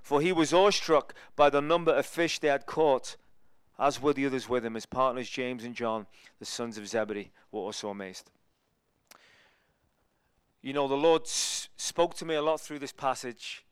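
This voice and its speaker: A man giving a guest sermon in a chatty storytelling way, moving between loud emphatic lines and quieter asides. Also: medium pitch, normal speed, clean tone, dry recording, studio quality. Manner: conversational, storytelling, swings between loud and hushed. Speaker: guest preacher.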